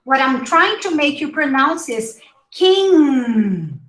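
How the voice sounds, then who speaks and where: A woman teaching English pronunciation in a live online class, slowly modeling each word and repeating it. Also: sits high, big pitch swings, a bit bright, reverberant, poor audio. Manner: slow, drawn-out modeling of words with repetition.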